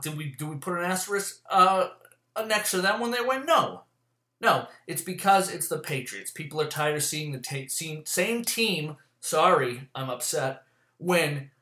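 A man's voice: on the high side, fairly bright tone. Man, profane sports rant, agitated, swears nonstop, roomy echo. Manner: swears constantly, agitated, rapid-fire complaints. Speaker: sports commentator.

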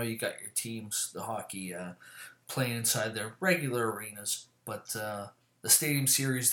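A man chatting casually to camera, rambling and swearing often, with lots of fillers and quick self-corrections. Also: medium pitch. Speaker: vlogger. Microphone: camera mic. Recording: echoey room.

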